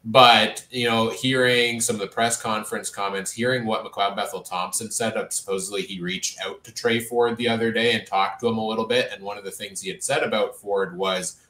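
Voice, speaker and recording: Deep voiced guy breaking down football on a pod, kinda echoey room. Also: fairly even intonation, brisk, hardly any pauses, sharp tone. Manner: analytical, talks in long flowing runs. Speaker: sports podcast co-host. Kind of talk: casual sports chat.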